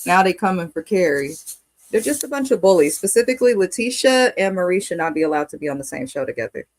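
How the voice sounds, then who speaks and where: A woman with a fairly low voice joins a reality TV recap as co-host. Her speech is emphatic and indignant, with a casual, conversational delivery. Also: sing-song, quick pace.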